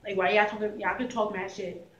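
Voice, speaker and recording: A woman's voice: mid-range voice, flat delivery, fairly quick, fairly bright tone, echoey room, recorded from a distance, dull audio, slight background noise, lightly acted. A young woman voicing a sulky, defensive teenage schoolgirl who mutters and swears.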